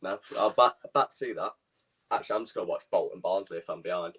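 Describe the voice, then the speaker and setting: A young man co-hosting a casual football watchalong chat, teasing and quick to laugh. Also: low voice, fairly bright tone, husky. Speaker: podcast co-host.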